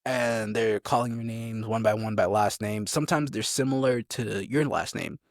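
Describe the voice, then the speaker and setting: A man's voice: fairly low pitch, steady tone, normal speed, no echo, studio quality. A young man, a soldier, telling army stories in a rambling, casual way as an interview guest. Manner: rambling, gets sidetracked, acts out drill sergeants.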